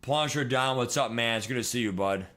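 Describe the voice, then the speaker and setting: A man in his twenties chatting casually on a livestream, rambling and excitable, swearing and laughing as he talks. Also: medium pitch, brisk. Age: 20s. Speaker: streamer.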